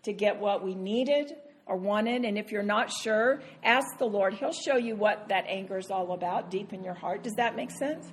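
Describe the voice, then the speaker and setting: A woman's voice: medium pitch, normal speed, few pauses, a little hiss or hum. A woman, giving a conversational sermon as a Bible teacher, earnest and acting out her own inner voice.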